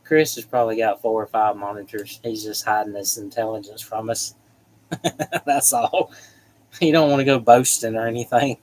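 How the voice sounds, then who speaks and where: A man hosts a casual livestream, reading viewer comments aloud in a chatty, joking way and laughing often. His voice is lowish, a little mellow, and fairly even in intonation at normal speed, and the rough recording has slight background noise.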